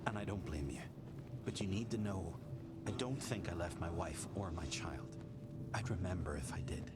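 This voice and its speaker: An actor playing a gentle, sorrowful young male ghost in a game, soft and pleading. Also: deep voice, normal speed, lightly acted. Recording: noisy, distant game ambience.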